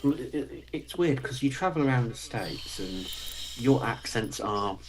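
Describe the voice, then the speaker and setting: A man's voice: mid-range voice, lively intonation, a little slow, slight background noise, low-quality recording. A man from England with a received pronunciation English accent, chatting casually with a dry, teasing humor. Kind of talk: casual chat.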